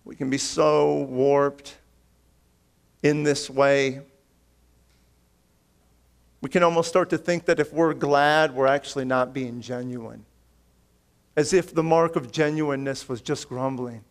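A man preaching a sermon as a pastor, earnest and pleading, calling his listeners friends and swinging between raised emphatic lines and quiet low asides. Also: fairly even intonation, slow pace, gravelly, pauses often, smooth.

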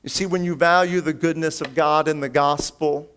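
A man preaching a sermon as a pastor, earnest and pleading, calling his listeners friends and swinging between raised emphatic lines and quiet low asides. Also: fairly even intonation, normal speed, a little hiss or hum.

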